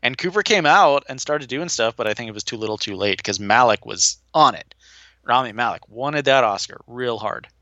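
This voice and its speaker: A man co-hosting a podcast, chatting casually about movies in a relaxed way, with many fillers. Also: medium pitch, moderate pace, no room sound, dull audio. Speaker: podcast co-host.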